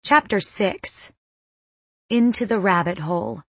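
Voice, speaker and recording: Woman reading a suspense novel aloud, slow and measured, dry close mic. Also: medium pitch, creaky, fairly bright tone, husky, no room sound. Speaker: audiobook narrator. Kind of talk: first-person novel narration.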